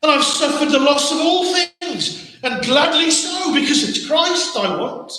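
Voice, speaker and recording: The very echoey church hall carries a man's very high, expressive voice as he preaches. He is an English-accented pastor, a little slow and sharp in tone, earnest, asking many rhetorical questions and repeating words.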